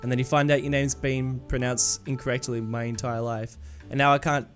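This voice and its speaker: A man hosting a podcast, chatting casually and telling stories with lively acted-out quotes. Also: mid-range voice, fairly quick. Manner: animated storyteller, acts out quoted voices. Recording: faint music behind.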